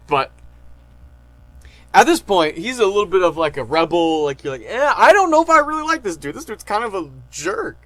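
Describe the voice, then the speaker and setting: A man casually recapping an anime arc as a reviewer, rambling with lots of "like" and "um" and gushing with fan excitement. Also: a little high. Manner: rambling, heavy on fillers and "like". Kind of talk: casual retrospective chat.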